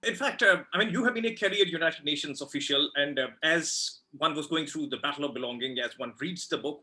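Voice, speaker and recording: A man's voice: a little high, sharp tone. A man asking long, rambling interview questions, searching for words with many restarts. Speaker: journalist interviewer.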